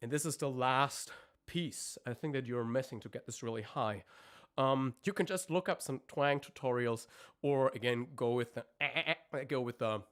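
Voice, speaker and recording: A man coaching singers on a live stream. He talks haltingly, searches for words, and breaks off to demonstrate screams and vocal sounds. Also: medium pitch, a bit bright, smooth.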